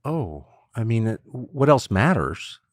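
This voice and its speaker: A man's voice: slow, no echo. A man as a podcast guest, talking casually and rambling, with frequent restarts and chuckles. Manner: rambling, restarts and chuckles, lively swings in pitch. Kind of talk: casual conversation.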